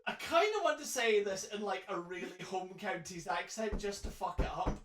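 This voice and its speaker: A man's voice: high-pitched, expressive, moderate pace, fairly bright tone, distant mic. A man co-hosting a comic live reading of a novel, playful and laughing between passages. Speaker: co-host reading a novel aloud. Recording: roomy echo.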